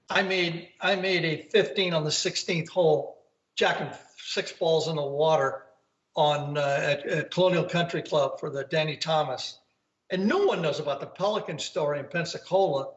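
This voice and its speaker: An older man tells rambling stories from home over a video call, his voice sitting high. The audio is roomy and dull, with an echo of the room around him. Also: normal speed, fairly bright tone. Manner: rambling anecdotes, acts out quoted voices. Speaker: guest, golf commentator. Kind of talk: casual storytelling interview.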